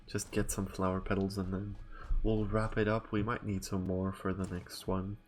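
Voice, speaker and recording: A man's voice: sits low, level tone, normal speed, slight background noise. A young man chatting casually while streaming a game, rambling and thinking aloud with lots of fillers.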